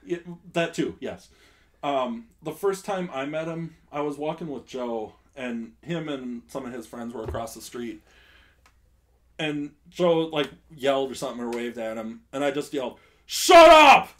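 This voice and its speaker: A man's voice: medium pitch, moderate pace. A young man hosting a casual podcast chat, rambling with lots of ums and laughs while drinking beer. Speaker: podcast host.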